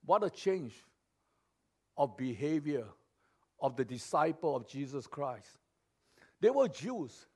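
A man preaching a sermon, emphatic and repetitive, moving between loud declarations and quiet, soft lines. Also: fairly high pitch, very animated, takes it slowly, long pauses, breathy edge. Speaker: pastor.

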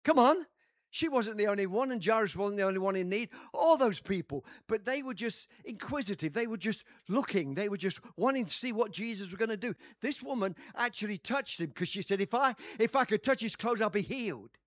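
A man preaching a sermon, telling a story dramatically and acting out quotes with sudden shouts. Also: sits high, animated, fairly quick, no echo, studio quality.

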